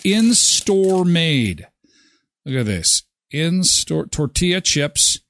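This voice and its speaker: A man's voice: fairly high pitch, no echo, clean studio sound. A man hosting a live morning show, jokey and rambling as he chats and reads ads. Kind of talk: casual chat with ad reads.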